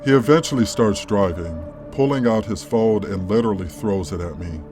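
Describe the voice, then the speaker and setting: Brief: male narrator, lowish voice, calm measured reading over faint music. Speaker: story narrator. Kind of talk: scripted narration of a horror story. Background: faint background music.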